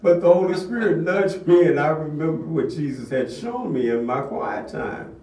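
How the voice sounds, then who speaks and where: A man's voice: a little high, expressive, normal speed, dark tone. An older man giving a sermon-style testimony, telling a story in an earnest way. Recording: echoey room, distant mic.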